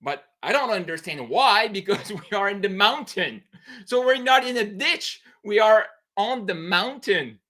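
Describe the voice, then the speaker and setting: A man with a French Canadian accent, a native French speaker, giving a fervent, halting monologue as an entrepreneur coach on a late-night live stream. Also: high voice, expressive, bright, forceful tone. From New Brunswick, Canada. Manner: emphatic, fervent, halting non-native English with broken phrasing.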